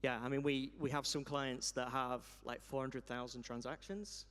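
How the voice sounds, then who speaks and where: Flat-toned man explaining software. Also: mid-range voice, normal speed, clear, resonant tone. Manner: plain, matter-of-fact explaining. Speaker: software company panelist. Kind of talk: conference panel answer. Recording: reverberant conference hall.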